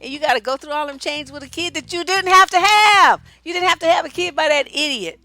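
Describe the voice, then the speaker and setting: A woman's voice: high-pitched, brisk, dry recording. A woman relationship coach, giving blunt, profane, sassy advice while answering viewer questions on a live stream. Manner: profane, sassy, animated storytelling.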